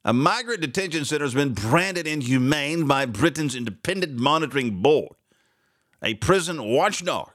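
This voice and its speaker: A man voicing a prissy, scandalized commentator, with high, drawn-out mock outrage. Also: animated, fairly bright tone, no echo, clean studio sound.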